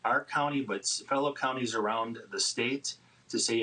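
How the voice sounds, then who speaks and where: A man, a county official making an earnest, measured public statement. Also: medium pitch, bright, forceful tone, low-quality recording.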